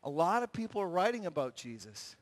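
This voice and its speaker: A man giving an animated sermon at a retreat, telling stories with shouts and acted-out voices. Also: a little high, fairly quick. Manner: lively storyteller acting out scenes with shouts. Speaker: retreat speaker. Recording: long hall reverb.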